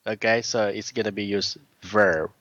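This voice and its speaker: A man teaching a one-on-one English lesson, patiently correcting his student's words and often clearing his throat. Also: lowish voice, steady tone, moderate pace, fairly bright tone, dry recording, highs cut off. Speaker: English tutor.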